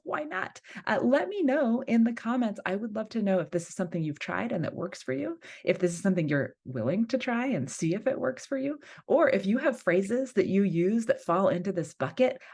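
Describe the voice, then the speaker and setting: A woman's voice: mid-range voice, darkish tone. A woman hosting a self-help video, giving advice in a chatty way and often checking in with "right?". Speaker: host. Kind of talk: casual advice talk to camera.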